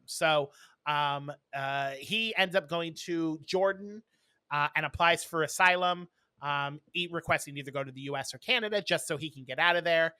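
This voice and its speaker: A man with a bright, forceful voice talks through a story he watched, stopping often for ums and uhs. The sound is dry and close, with no room around it. It is relaxed podcast chat between co-hosts. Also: a little high, moderate pace, smooth, no echo. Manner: rambling, lots of ums and uhs. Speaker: podcast co-host. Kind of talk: casual chat, recapping an episode.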